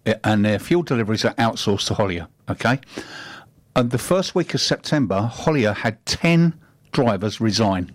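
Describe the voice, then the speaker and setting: A man's voice: on the low side, animated, moderate pace, dry recording. A man, middle-aged, co-hosting a radio chat with an emphatic, argumentative, lecturing manner. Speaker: radio co-host.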